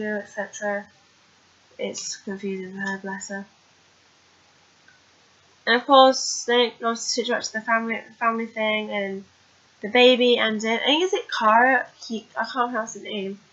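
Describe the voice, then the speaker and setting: Bright-voiced woman rambling a recap. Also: a little high. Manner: chatty, rambling, many fillers. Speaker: TV recap vlogger. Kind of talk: casual recap chat. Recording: dull lo-fi recording.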